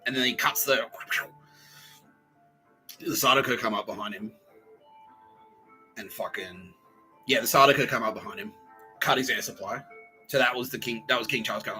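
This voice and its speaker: A man hosting a comedy podcast, rambling and profane as he retells scenes and acts them out in quick voices. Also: mid-range voice, pushed and bright, soft background music, rough recording. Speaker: podcast host. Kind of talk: comedic monologue.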